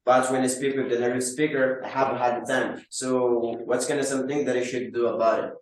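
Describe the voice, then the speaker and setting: A man's voice: medium pitch, little pitch movement, fairly quick. A man from Madagascar, a student, politely and hesitantly asking a teacher for advice. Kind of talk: asking a question at a Q&A. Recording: far from mic in a very echoey room.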